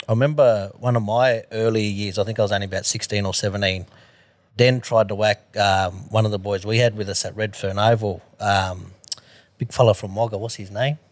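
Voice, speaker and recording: A footy player chatting on a podcast, halting and full of fillers. His voice sits on the low side, and the recording is close and dry. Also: no room sound. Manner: halting and admiring, many fillers. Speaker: podcast guest, rugby league player. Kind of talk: casual chat.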